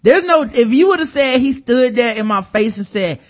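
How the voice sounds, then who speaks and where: A high-pitched man riffing in casual conversation, reading news items and breaking into animated quoted voices with loud laughs. He talks fast and playfully, cracking jokes between lines. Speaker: podcast co-host. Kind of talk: casual comedic chat.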